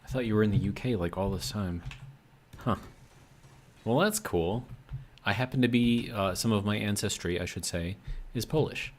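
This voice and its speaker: A man's voice: fairly low pitch, moderate pace. An American man chatting casually on a live stream, rambling with lots of fillers while he reads out chat messages. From United States.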